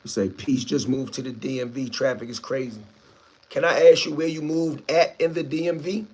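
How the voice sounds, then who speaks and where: A man's voice: medium pitch, little pitch movement, normal speed, darkish tone, husky. Laid-back DC live streamer, man. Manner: laid-back, reads viewer comments aloud and answers them. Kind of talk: casual live stream chat.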